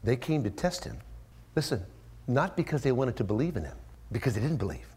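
A male pastor delivering an expository sermon with dramatic swings in volume. He sinks into near-whispers on key words, then climbs sharply in pitch and loudness to drive a point home. His voice sits at an ordinary male pitch between those peaks. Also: sing-song, a little fast, slightly rough. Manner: swings from hushed whispers to loud, high-pitched emphatic rises; acts out quoted voices with strong pitch jumps.

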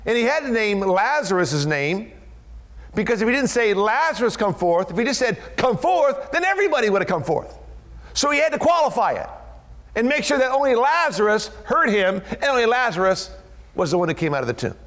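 A man preaching a sermon, retelling a scripture story with lively, dramatic delivery and acting out the voices. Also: high-pitched, a little fast, long reverb tail.

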